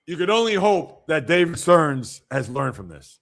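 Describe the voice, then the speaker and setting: A man's voice: on the high side, sing-song, normal speed, creaky, fairly bright tone. A male sports show host giving casual livestream commentary, reacting to viewer comments and getting blunt and emphatic when he criticizes.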